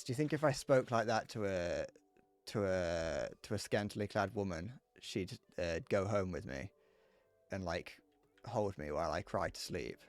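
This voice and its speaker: Rambling low-voiced streamer. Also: male voice, measured pace, no echo. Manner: rambling, jokey, thinks aloud with restarts. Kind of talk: casual gameplay commentary.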